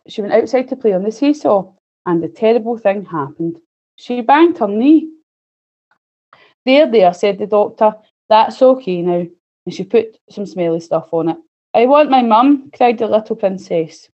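A woman reads a picture book aloud for young children, clear and gently expressive. Her voice is mellow and soft-edged. The recording is slightly muffled. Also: mid-range voice, moderate pace. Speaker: early years student presenter. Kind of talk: reading a story aloud to children.

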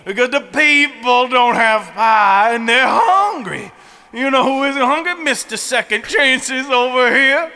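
A man's voice: very high-pitched, expressive, a little slow, bright, forceful tone, in a large hall, exaggerated voice. A man putting on a folksy Southern lawyer. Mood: folksy smug. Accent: put-on American Southern. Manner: drawling, folksy, theatrical. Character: folksy self-styled Southern lawyer, male, young adult. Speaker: improv performer playing prosecutor. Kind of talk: comedic improv courtroom scene.

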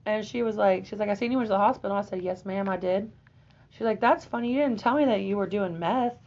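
A woman in her twenties, a podcast guest, telling a personal story in a lively, profane way and often laughing. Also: medium pitch, quick pace. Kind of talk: casual storytelling. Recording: dull lo-fi audio.

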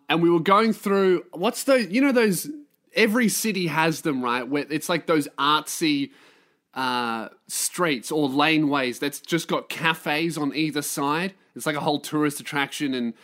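A man's voice: fairly high pitch, a bit bright. A young man hosting a solo comedy podcast, ranting in a profane, self-mocking way. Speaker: podcast host.

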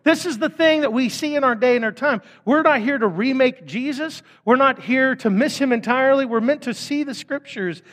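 Pastor in his 30s, highish voice, jokey and animated, long echo like a big church hall. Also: moderate pace, hardly any pauses. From Fort Smith, Arkansas. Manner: animated, joking asides, acts out voices. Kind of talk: sermon, reading and explaining scripture.

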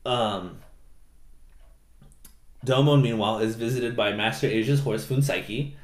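Casual male co-host, animated storyteller who does silly voices, mid-pitched, roomy echoey recording. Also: a little slow. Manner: animated retelling, acts out characters in silly voices, swears casually. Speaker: podcast co-host recapping an anime. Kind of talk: casual chat. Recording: roomy echo.

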